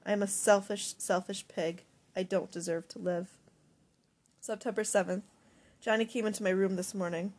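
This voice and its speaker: A woman's voice: mid-range voice, fairly even intonation, normal speed, a little mellow. A woman narrating a first-person audiobook in an emotional, confessional diary-like reading.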